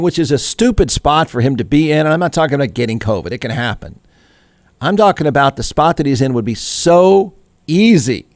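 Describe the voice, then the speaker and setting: Snarky talk show host, dry close sound. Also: male voice, a little high, a little mellow, no room sound. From Austin, Texas. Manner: snarky, irreverent, rhetorical questions. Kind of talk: opinion commentary.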